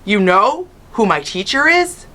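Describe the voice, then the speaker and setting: A woman reading a storybook aloud, voicing a dramatic nine-year-old boy who whines and yells in a raised voice. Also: medium pitch, very animated, a little slow, voice pushed up. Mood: eager.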